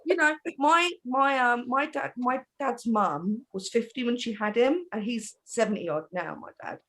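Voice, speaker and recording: Middle-aged woman, bit high voice, chatty and animated, laughs a lot while telling stories. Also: normal speed. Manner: animated storytelling, laughs often. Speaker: panel host. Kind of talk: casual group chat.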